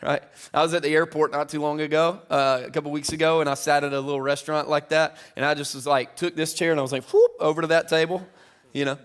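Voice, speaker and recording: Middle aged pastor guy preaching in church, kinda high voice, chatty then gets loud and fired up. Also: little pitch movement, fast, few pauses, clean tone. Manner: conversational preaching that builds to loud, high-pitched emphasis. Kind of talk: sermon. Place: church auditorium.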